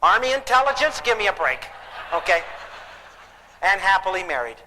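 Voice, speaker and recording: Bright-voiced older man lecturing in a hall. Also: sits high, sing-song, normal speed. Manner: folksy, joking, asks the audience questions. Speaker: parenting lecturer. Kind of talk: live lecture to an audience. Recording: hall reverb, faint background noise.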